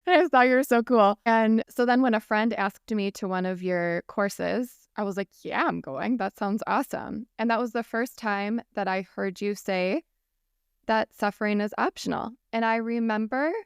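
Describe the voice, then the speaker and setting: A woman hosting a podcast interview, enthusiastic and quick to laugh as she talks with her guest. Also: medium pitch, clear, resonant tone, no room sound, studio quality. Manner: enthusiastic, laughs often, admiring. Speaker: podcast host. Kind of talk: interview conversation.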